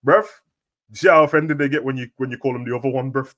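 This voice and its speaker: Man, casual football chat, slangy, laughing, middle pitch. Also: fast talker. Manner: slangy, animated, laughs often.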